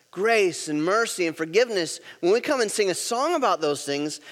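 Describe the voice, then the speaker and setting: A man's voice: high-pitched, in a large hall. A pastor preaching a sermon, emphatic and repeating key words, leading his congregation to say lines back.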